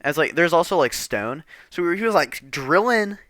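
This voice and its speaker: A man's voice: fairly high pitch, big pitch swings, brisk, fairly bright tone, no echo, studio quality. A man telling a rambling, profane storytime, exasperated and casual.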